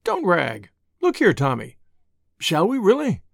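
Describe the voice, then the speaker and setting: An audiobook reader voicing a spirited, scheming young woman in a brisk, teasing manner. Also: mid-range voice, wildly swooping pitch, gravelly, no echo, clean studio sound, exaggerated voice. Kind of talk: audiobook reading.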